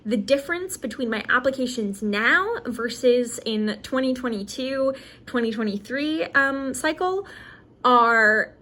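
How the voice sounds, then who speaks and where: A woman's voice: a little high, animated, unhurried, sharp tone. A woman in her twenties, a graduate student, talking candidly to the camera in a casual study vlog, chatty and full of fillers and self-corrections. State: briefly emotional.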